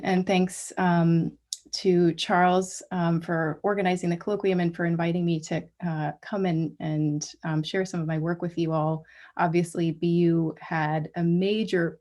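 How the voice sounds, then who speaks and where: A woman giving an academic colloquium talk over a video call, measured and full of small restarts. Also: lowish voice, a little mellow. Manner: measured, many ums and restarts. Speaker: guest lecturer.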